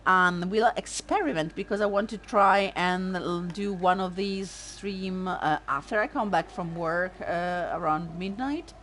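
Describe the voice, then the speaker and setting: A woman streaming a video game, chatting casually in a halting way and laughing easily. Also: fairly low pitch, a bit bright, slight background noise. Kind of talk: casual gameplay commentary.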